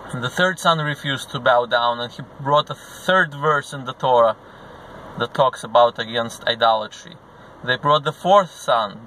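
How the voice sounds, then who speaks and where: A man's voice: mid-range voice, pushed and bright, a little hiss or hum, low-quality recording. A man serving as a religious teacher, retelling a religious story in earnest and acting out the characters' lines as he goes. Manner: acts out the characters' dialogue within the narration; earnest storytelling with a few restarts.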